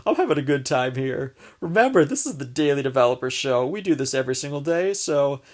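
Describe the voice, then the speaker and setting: A man hosting a daily show, giving rambling, animated advice and acting out frustrated inner voices. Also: mid-range voice, fairly quick. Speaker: host. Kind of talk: casual advice talk.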